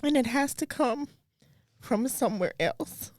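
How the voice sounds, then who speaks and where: A woman's voice: sits high, lively intonation, unhurried, darkish tone, no echo, studio quality. A woman co-hosting a casual chat, talking through faith in an earnest, thoughtful way. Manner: earnest, thoughtful, gets briefly emotional. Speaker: comedian and co-host.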